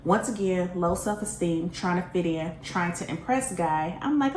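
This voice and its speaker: A woman telling a personal story in a casual storytime vlog, animated and self-mocking, often laughing. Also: fairly low pitch, moderate pace. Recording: roomy echo, faint background hiss.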